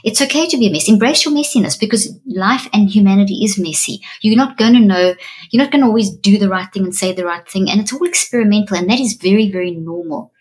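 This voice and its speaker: A woman's voice: quick pace, darkish tone. A woman neuroscientist, a podcast guest, explaining in an earnest, emphatic teaching tone with repeated phrases. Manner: acts out inner self-talk in a higher voice.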